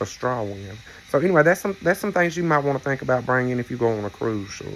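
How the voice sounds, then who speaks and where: In a casual chat to camera, a male vlogger speaks to his viewers in a mid-range voice, rambling through stories and tossing in playful, teasing asides. There's a little hiss or hum on the recording.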